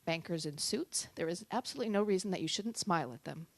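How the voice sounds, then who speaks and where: A woman giving a talk on public speaking at a tech meetup, lively and shifting between loud and soft for emphasis. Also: on the low side, fast talker, no room sound. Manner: lively, varies loudness and pace for emphasis.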